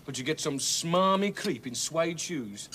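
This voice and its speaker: A man's voice: on the high side, animated, measured pace, a bit bright, slight background noise. An aggrieved crockery salesman. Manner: aggrieved, chatty, mimics others. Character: complaining male crockery salesman.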